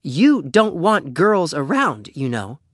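A man's voice: fairly high pitch, very animated, slow, husky, no echo, clean studio sound, pitched above the performer's own voice, full character voice. A man voicing an unimpressed, reproachful girl in a storybook. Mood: cool.

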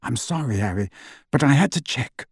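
A man's voice: mid-range voice, animated, normal speed, creaky, breathy edge, no room sound, studio quality. Lupin, a man doing a terse wizard. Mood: urgent. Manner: terse, urgent. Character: tense, terse wizard teacher, middle-aged man.

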